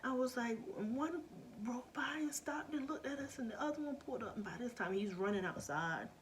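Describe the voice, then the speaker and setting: A woman's voice: fairly high pitch, lively intonation, brisk, a little hiss or hum. A middle-aged woman vlogger telling a story in a casual, earnest way, often dropping to a near-whisper.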